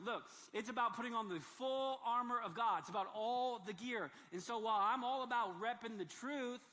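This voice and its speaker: A male pastor with a high, bright voice delivers a sermon in a big church, his words ringing out with a long hall reverb. He talks in an animated way, dropping to soft asides and then rising into loud, emphatic bursts.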